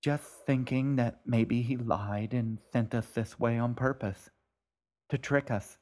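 Sarcastic bored teen girl, snappy and a bit slow, read by a man. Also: medium pitch, fairly even intonation, warm tone, lightly acted. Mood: irritable.

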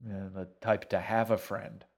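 A shaggy, gruff man with a wry, matter-of-fact way of talking, as a male narrator plays him. His voice is low and slow, barely apart from the reader's own. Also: level tone, darkish tone.

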